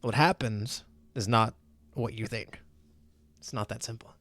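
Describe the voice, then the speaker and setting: A man voicing a weary male prisoner who gives measured, grim warnings. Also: fairly low pitch, a bit bright, no room sound. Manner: measured, warning, matter-of-fact.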